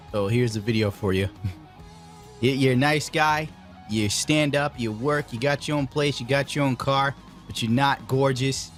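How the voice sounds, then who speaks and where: A man giving casual reaction commentary, laughing in disbelief and reading messages aloud in mocking put-on voices. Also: medium pitch. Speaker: streamer reacting to dating-app messages.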